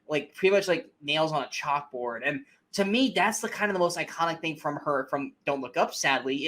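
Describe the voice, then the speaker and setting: This young man's voice is on the high side and a bit bright as he co-hosts a laid-back podcast about movies. He offers blunt, emphatic takes peppered with swearing.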